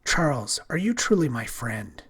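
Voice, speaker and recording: A man softly voicing a timid young woman, half-whispered. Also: medium pitch, big pitch swings, moderate pace. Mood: wistful. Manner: soft, breathy half-whisper. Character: timid young woman, a shop mannequin come alive. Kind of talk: audiobook reading.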